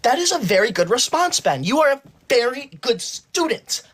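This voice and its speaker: A woman on a livestream playing a prim, rule-obsessed teacher's pet student who scolds in a stiff, formal, deliberate way. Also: high voice, sing-song, breathy edge, full character voice. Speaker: livestream host. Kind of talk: comic role-play on a livestream.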